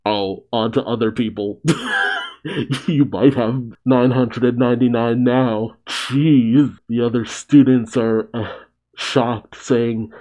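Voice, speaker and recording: Mellow-voiced man reacting to a manga. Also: mid-range voice. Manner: frequent laughter, casual asides. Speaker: reaction channel host. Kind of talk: reading a manga aloud and reacting.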